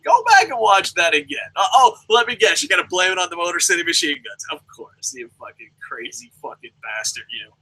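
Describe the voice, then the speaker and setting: A man's voice: high-pitched, sing-song, fairly quick, few pauses, bright, forceful tone, slightly rough, low-quality recording. A young adult man ranting through a profane wrestling review, swearing nonstop and mocking the people he talks about. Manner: swears constantly, rants, mimics people mockingly.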